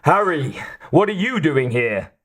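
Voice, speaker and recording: A man's voice: a little high, sing-song, unhurried, fairly bright tone, voice pushed up, exaggerated voice. A man doing a dazed, bewildered worker. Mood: puzzled. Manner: bewildered, impatient. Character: dazed, confused male construction worker.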